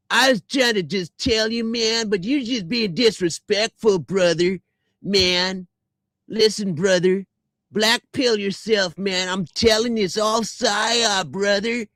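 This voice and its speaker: A man voicing a slow, drawling male conspiracy commenter who ends every phrase with "man" or "brother". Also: high-pitched, a bit bright, no room sound, studio quality, heavily acted. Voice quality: lazy drawl, 'man' and 'brother' after every phrase.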